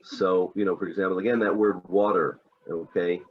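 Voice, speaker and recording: An American man, an English teacher, explaining pronunciation in a relaxed, casual chat with many fillers. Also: sits low, moderate pace, narrow, tinny audio.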